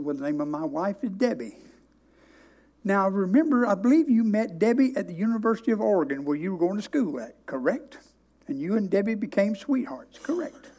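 A preacher, a man whose voice sits notably high for a man. He tells a story from the pulpit with emphatic delivery, stretching certain words out slowly for weight. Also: a little mellow. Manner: storytelling, emphatic, with dramatic slow stresses. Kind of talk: sermon.

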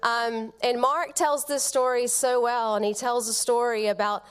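A middle-aged woman giving a funeral eulogy, telling family stories tenderly with soft pauses. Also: fairly high pitch, fairly even intonation, smooth. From Georgia, United States.

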